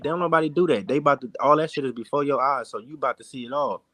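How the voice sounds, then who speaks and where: A man's voice: mid-range voice, quick pace, few pauses, bright, forceful tone. A young man in casual chat on a podcast, talking bluntly in street slang with heavy cursing. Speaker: podcast panelist.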